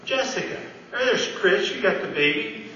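Pastor preaching in an echoey hall. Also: male voice, high-pitched, expressive, normal speed, pushed and bright, a little hiss or hum. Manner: earnest, conversational preaching with questions to the congregation. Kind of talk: sermon. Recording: distant roomy church sound, dull.

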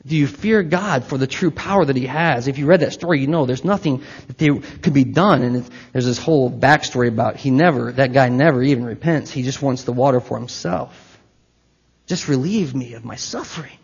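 A pastor addresses his congregation in a church hall, preaching in a chatty way full of asides and direct questions to those listening. His mid-range voice is fairly quick, creaky, and breathy-edged, and the hall sounds echoey and slightly dull.

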